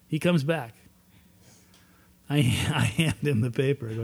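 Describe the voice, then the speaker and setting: Man, recovery meeting speaker, middle pitch, earnest testimony with repeated emphasis. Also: a little slow, creaky, pauses often, slightly rough. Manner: earnest storytelling, emphatic repetitions. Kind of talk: personal testimony talk.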